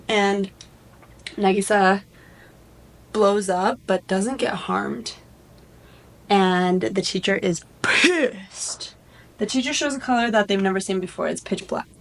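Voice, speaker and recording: Casual woman vlogger, mid pitch, chatty, loose rambling delivery. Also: measured pace, low-quality recording. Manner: rambling, lots of "like", animated. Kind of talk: casual plot retelling.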